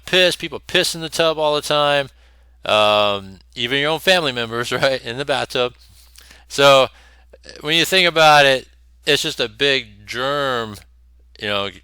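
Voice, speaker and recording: A man's voice: mid-range voice, pushed and bright, clear, resonant tone, no room sound. Blunt, cursing male commentator. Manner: blunt, profane, laughing scornfully. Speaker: host. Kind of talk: opinionated commentary over clips.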